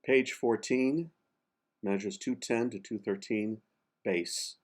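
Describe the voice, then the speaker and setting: A man with a fairly low voice gives a pronunciation lesson for singers. He talks slowly and deliberately. He breaks words into single syllables and repeats them with care. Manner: slow, careful, spells out sounds and repeats words syllable by syllable. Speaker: diction coach.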